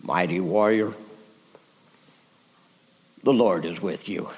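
A preacher voicing God as a deep, slow, solemn commanding voice. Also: male voice, a little mellow. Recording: long hall reverb.

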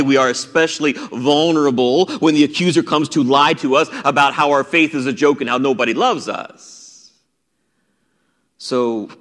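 A man preaching a sermon as pastor, swinging between raised emphatic lines and hushed near-whispers. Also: mid-range voice. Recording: long reverb.

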